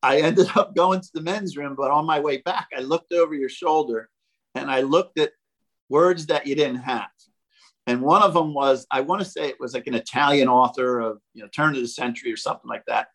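An older man, a former ballplayer, telling animated stories as a podcast guest and acting out the quotes. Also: medium pitch, brisk, poor audio. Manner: animated, jokey storyteller who acts out quotes. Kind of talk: casual storytelling.

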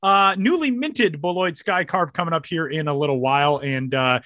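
A man hosting a casual podcast, joking around and quick to laugh. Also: fairly high pitch, no echo, studio quality. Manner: jokey, animated, quick to laugh. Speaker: podcast host.

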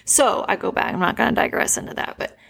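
Earnest gravelly-voiced woman chatting. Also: medium pitch, quick pace, a bit bright. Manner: earnest, emotional, peppered with "like". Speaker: podcast host. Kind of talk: casual conversational storytelling.

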